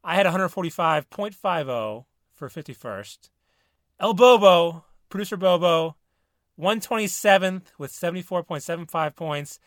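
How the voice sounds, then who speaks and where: A man's voice: high voice, animated, moderate pace, dry recording. A man hosting a casual podcast, bantering with dry teasing and frequent laughs. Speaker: podcast host.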